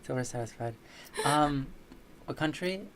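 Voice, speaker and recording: A man's voice: on the high side, expressive, a little slow, a little hiss or hum. Joking American man with dry asides. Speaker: co-host. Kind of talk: casual chat.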